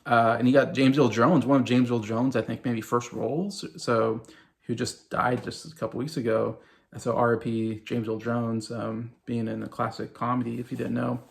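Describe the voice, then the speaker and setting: A man's voice: mid-range voice, little pitch movement, moderate pace, vocal fry. A man in his late thirties chatting casually in a rambling way, with many fillers and restarts, as a movie vlogger. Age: late 30s. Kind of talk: casual chat.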